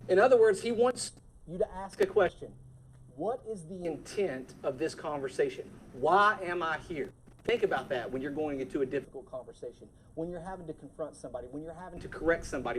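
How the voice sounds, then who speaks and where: Lively preacher giving a sermon. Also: mid-range voice, a little hiss or hum, poor audio. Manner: lively, acts out scolding voices and laughs. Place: church.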